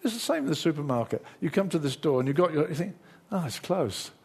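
A middle-aged man preaches with a slightly husky voice. He delivers a lively sermon and slips into quick imitations of doubting inner voices. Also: a little high.

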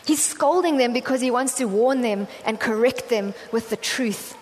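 A woman's voice: a little high, normal speed, darkish tone, slight background noise. A woman preaching a conversational sermon in a church hall, with a chatty, self-deprecating storytelling manner and lots of fillers. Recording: long hall reverb, faint ambience.

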